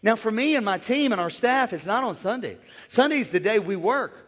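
A man who is a pastor, preaching a lively sermon and calling out to the congregation to join in. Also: sits high, moderate pace. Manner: energetic, playful call-and-response with the crowd. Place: large church. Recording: long church hall reverb.

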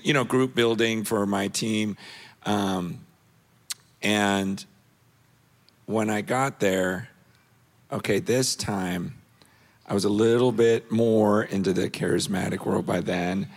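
A middle-aged man giving an earnest, animated personal story as a guest on a panel. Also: slow. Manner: earnest, animated storytelling, rising in pitch when intense.

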